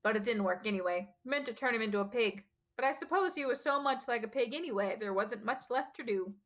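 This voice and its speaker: A woman voicing a huge, bearded male gamekeeper who is gruff but kindly and speaks in a rough, folksy country dialect. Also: a little high, fairly quick, a bit bright. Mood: rueful.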